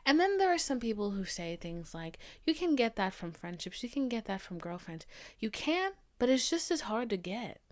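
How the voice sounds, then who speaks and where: A woman's voice: fairly high pitch, very animated, normal speed. A young woman in her twenties hosting a solo podcast, ranting bluntly and with exasperation, sometimes dropping into whispers and swearing. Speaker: podcast host. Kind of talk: casual solo podcast rant.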